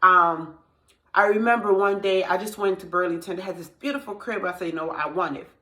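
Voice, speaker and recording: A woman's voice: lowish voice, brisk, pushed and bright, echoey room. Earnest woman sharing a faith testimony. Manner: earnest, confiding, repeats phrases. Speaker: testimony vlogger. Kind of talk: personal faith testimony, casual.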